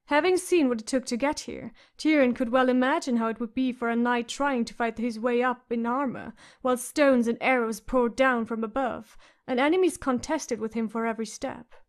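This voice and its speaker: A woman narrating an audiobook in a measured, expressive way. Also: on the high side.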